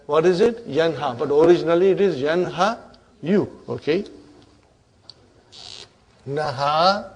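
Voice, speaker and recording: A man's voice: a little high, unhurried, long pauses, slightly rough. A man teaching an Arabic grammar class, drilling verb forms aloud and checking on his students with "huh?" and "brother".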